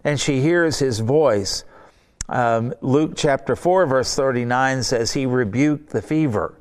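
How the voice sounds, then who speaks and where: A man's voice: takes it slowly, darkish tone, clean tone. A middle-aged man preaching a sermon, reading scripture aloud and urging his listeners on with earnest emphasis. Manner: earnest, emphatic, rises in pitch when urging.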